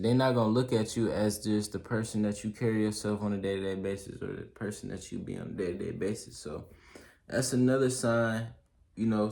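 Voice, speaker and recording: Young male YouTuber, lowish voice, casual slangy advice with lots of fillers; echoey room sound. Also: creaky, mellow. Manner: loose slangy delivery, many fillers and "you feel me"; works through a list of pointers, reading some aloud. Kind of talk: casual solo advice talk. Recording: roomy echo.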